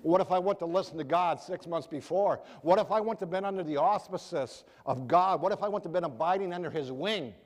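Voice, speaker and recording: Earnest male preacher with a high voice, heard with long hall reverb. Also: brisk, hardly any pauses. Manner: earnest, rhetorical questions to the audience. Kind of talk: sermon.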